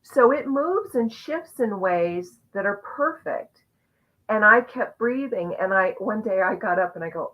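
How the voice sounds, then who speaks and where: A woman hosting a live online conversation, sharing a personal journey in an earnest, reflective, expressive way over a video call. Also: mid-range voice, measured pace. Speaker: host. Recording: muffled lo-fi audio.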